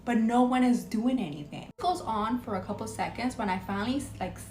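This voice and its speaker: A woman's voice: a little high, brisk, heavy background noise. Chatty woman telling a story in an echoey room. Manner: chatty, many filler words. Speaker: hospital registration worker telling a story. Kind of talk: casual storytelling from a social video clip.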